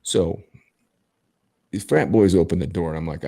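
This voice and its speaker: A man's voice: deep voice, normal speed, creaky, pauses often, mellow, husky. A middle-aged man hosting a podcast, telling a story casually and emphatically, swearing heavily and restarting his sentences. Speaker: podcast host.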